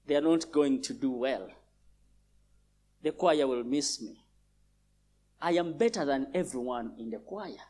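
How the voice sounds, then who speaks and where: A man putting on the voice of a boastful, self-important young male churchgoer, lower and quieter than his own preaching voice. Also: slightly rough.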